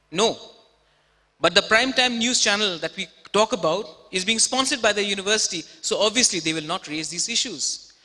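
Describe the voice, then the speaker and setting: A man in his thirties delivers an emphatic stage talk full of rhetorical questions. His voice is high and sharp, and a long reverb from the auditorium trails every phrase. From India. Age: 30s. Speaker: speaker. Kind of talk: TEDx talk.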